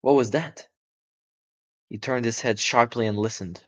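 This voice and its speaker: A man's voice: medium pitch, a little slow, pauses often, muffled recording. A man giving a live audiobook reading of a children's story, breaking off into chatty, casual asides and correcting his own slips.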